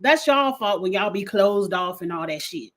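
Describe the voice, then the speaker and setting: A young adult woman giving a blunt, animated reality TV review in casual vlog style, swearing freely. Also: medium pitch, normal speed.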